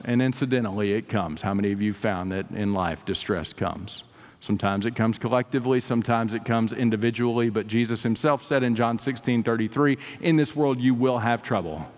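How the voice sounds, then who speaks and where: A man preaching a sermon as pastor, with dramatic swings between soaring emphasis and hushed, drawn-out lines. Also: lowish voice, fairly even intonation. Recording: long reverb of a large hall.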